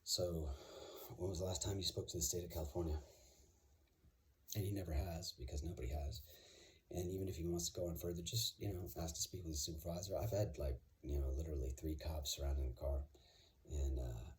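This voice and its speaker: A man's voice: a bass voice, steady tone, brisk, slight background noise. A man talking casually and confidently, rambling with many fillers and restarts. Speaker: vlogger. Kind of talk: casual monologue.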